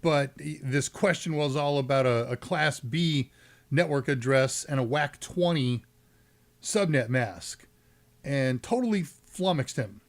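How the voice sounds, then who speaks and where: A man's voice: medium pitch, measured pace. A man with a Texan accent hosting a live tech Q&A stream, talking in a rambling, jokey way with asides and self-corrections. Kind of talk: casual live-stream chat.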